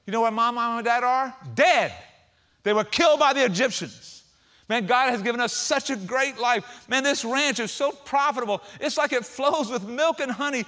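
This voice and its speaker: A man voicing a stern father in a sermon story, speaking loudly and emphatically. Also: extremely high pitch, pitched above the performer's own voice, heavily acted. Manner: impassioned, loud, emphatic. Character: stern old father recalling slavery.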